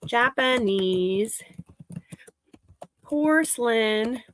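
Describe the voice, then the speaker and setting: A woman with a slightly high, somewhat bright voice chats casually with livestream viewers while she works, drawing out her words in an animated way. She laughs often and greets people by name. The recording quality is low.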